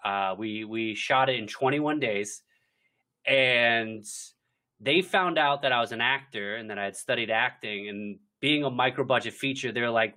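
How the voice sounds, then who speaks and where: A man, a filmmaker guest, chatting casually in an interview, telling animated stories and laughing often. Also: medium pitch, normal speed. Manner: animated storyteller, laughs often, acts out quotes.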